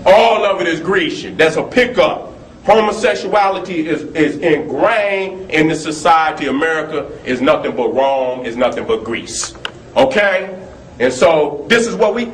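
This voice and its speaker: A man talking heatedly and profanely, telling stories between laughs and rants. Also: fairly high pitch. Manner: animated, profane, storytelling with laughs. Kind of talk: heated talk. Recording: echoey room with faint noise.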